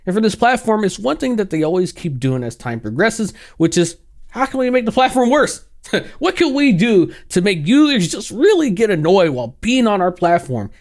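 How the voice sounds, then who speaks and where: Young guy ranting about stuff, sarcastic, voice goes way up and down, kinda high. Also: moderate pace. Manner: exaggerated, sarcastic, animated, laughs a lot, casual slang. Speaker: gaming commentary youtuber. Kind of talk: ranting commentary.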